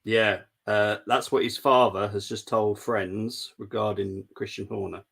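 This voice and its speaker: Male watchalong host, rough and breathy in tone, playful banter. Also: fairly low pitch, fairly even intonation, unhurried, a bit bright. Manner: laughs often, teasing banter. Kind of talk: casual live football watchalong chat.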